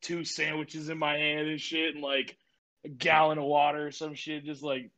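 A man's voice: a little high, level tone, moderate pace, pushed and bright, rough recording. A young man co-hosting a podcast, joking crudely and rambling in casual chat. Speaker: podcast co-host.

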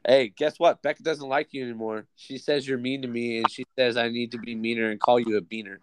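A man's voice: mid-range voice, fairly even intonation, a little fast, clean tone, dry recording. Young man cursing through podcast banter. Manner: joking, swears a lot, teasing. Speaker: podcast host. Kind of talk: casual chat.

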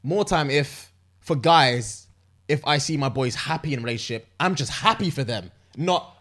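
A man's voice: a little high, moderate pace. Chill young man on a podcast, swears casually. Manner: relaxed, lots of agreeing murmurs, casual swearing. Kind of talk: casual chat.

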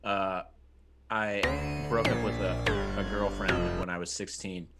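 A man's voice: sits low, steady tone, takes it slowly, over loud music. A man co-hosting a film podcast, joking with friends and telling stories in casual chat. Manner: joking, laughs often, storytelling. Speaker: podcast co-host.

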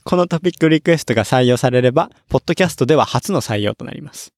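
Gravelly-voiced man co-hosting a podcast. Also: medium pitch, animated, racing, a little mellow, no echo, studio quality. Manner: laughs often, reads a listener message aloud. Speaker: podcast co-host. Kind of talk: casual chat. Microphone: studio mic with monitor headphones.

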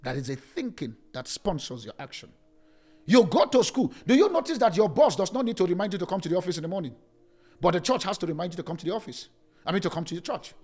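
A man preaching as a pastor, swinging between loud and soft, with sudden rises and drops in pitch. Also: very animated, quick pace, husky, faint music behind. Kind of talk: sermon.

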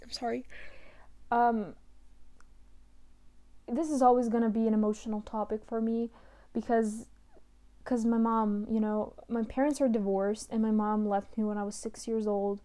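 A young woman talking in a personal monologue, emotional and halting, close to tears at times. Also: mid-range voice, little pitch movement, warm tone.

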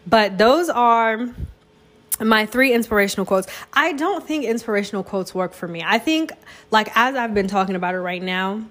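A woman's voice: medium pitch, normal speed, fairly bright tone. Chatty young woman hosting solo. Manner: chatty, self-deprecating, dramatic quoted voices. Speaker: podcast host. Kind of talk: casual solo chat.

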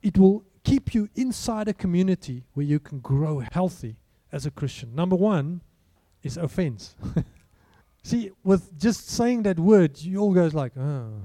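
A pastor gives a sermon in a high, strikingly mellow voice with lively intonation, a little slow, talking easily and conversationally while repeatedly asking his congregation questions. The sound is dry and close, with no room sound.

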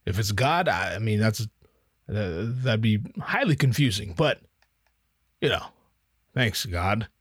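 A man's voice: on the low side, lively intonation, slow, long pauses, husky, no room sound, studio quality. Rambling, profane male podcast host. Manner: rambling, profane, self-mocking. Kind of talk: casual monologue. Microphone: podcast headphones and mic.

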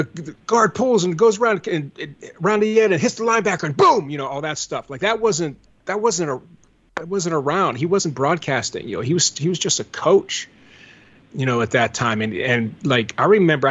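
A man's voice: medium pitch, fairly bright tone. An older man from the Pittsburgh area, rambling through memories in a casual podcast chat. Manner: reminiscing, rambling storyteller. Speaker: guest. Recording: dull lo-fi audio.

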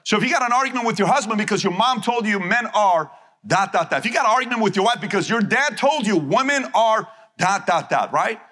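Guy giving a motivational talk, kinda high voice, hard-edged and forceful, hammers his points home. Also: animated, fairly quick. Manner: emphatic, punchy, repeats key phrases. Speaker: motivational speaker. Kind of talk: live seminar speech to an audience.

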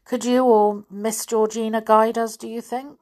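A woman's voice: a little high, flat delivery, a little slow, darkish tone, voice pushed up, close to an everyday voice. A woman voicing a large, cheerful policeman in a storybook reading. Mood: brisk. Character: friendly large male policeman.

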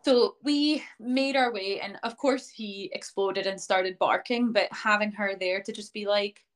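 A woman's voice: mid-range voice, fairly even intonation, measured pace. A young woman guest in an interview, telling her story in a casual, chatty way, full of "um" and "like" and quoting what others said. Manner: chatty, many fillers like "um" and "like", acts out quoted speech. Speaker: interview guest, dog owner.

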